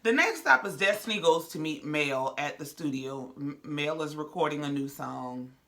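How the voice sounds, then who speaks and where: A woman's voice: low voice, normal speed, a bit bright. A woman hosting a reality TV recap, talking in a sassy, blunt, slangy way. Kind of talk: casual commentary.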